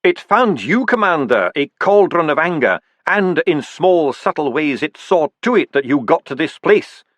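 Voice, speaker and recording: A man's voice: a little high, big pitch swings, moderate pace, hardly any pauses, fairly bright tone, no echo, pitched above the performer's own voice. A man voicing an earnest dwarf priest who speaks in an urgent, persuasive way.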